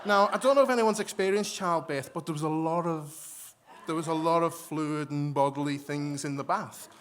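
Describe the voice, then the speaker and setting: A man telling a story on stage to a live audience, animated, acting out voices and often restarting his sentences. He has moved to Australia from elsewhere. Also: a little high, normal speed. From migrated to Australia. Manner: animated, acts out quoted voices, frequent restarts. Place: stage in a hall before an audience.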